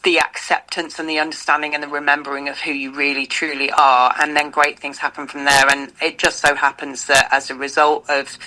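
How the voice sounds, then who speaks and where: A woman's voice: deep voice, little pitch movement, fairly quick, few pauses, bright, forceful tone, poor audio. A woman guest on a podcast, telling personal stories in an open, enthusiastic, loosely rambling way. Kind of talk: casual podcast chat.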